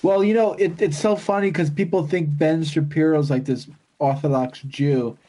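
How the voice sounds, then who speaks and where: Male co-host, loose crude banter while gaming, pitched a bit high. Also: steady tone, moderate pace, dark tone. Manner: rambling, crude, swears often. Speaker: podcast co-host. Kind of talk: casual chat while gaming.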